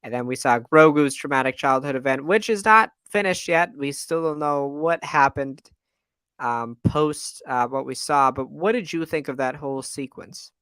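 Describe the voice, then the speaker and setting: A man's voice: mid-range voice, normal speed, fairly bright tone, clean tone, no echo, clean studio sound. A man co-hosting a fan podcast in casual, enthusiastic chat with many fillers. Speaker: podcast co-host.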